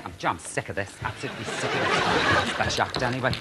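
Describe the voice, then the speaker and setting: A man's voice: medium pitch, fast talker, very noisy. A man hosting a comedy sketch show in a female persona, with brassy camp patter. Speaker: drag comedy host. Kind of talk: comic sketch with studio audience.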